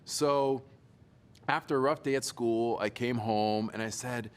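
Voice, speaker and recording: A man's voice: medium pitch, fairly even intonation, unhurried, smooth. A young adult man giving a storytelling keynote talk, playful and teasing his audience. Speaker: motivational speaker.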